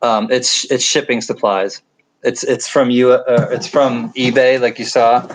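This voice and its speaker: At home at night, this livestream host reads his chat aloud, joking, rambling, and poking fun at himself. He's a middle-aged man with a nasal upstate New York accent, speaking at medium pitch with fairly even intonation and a slightly slow pace over poor audio.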